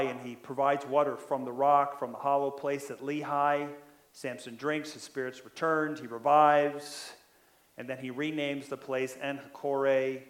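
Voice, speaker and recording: A man preaching a sermon in a conversational way, often checking in with the listeners, and growing louder when he stresses a point. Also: medium pitch, echoey room. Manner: conversational, keeps asking "right?"; animated, builds in loudness when stressing a point. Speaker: pastor.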